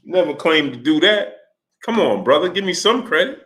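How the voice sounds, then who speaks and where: A man's voice: a little high, big pitch swings, moderate pace, a bit bright. A man hosting a casual livestream, reading out viewers' comments in a slangy manner and calling them "brother". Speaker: livestream host. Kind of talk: casual live-stream chat.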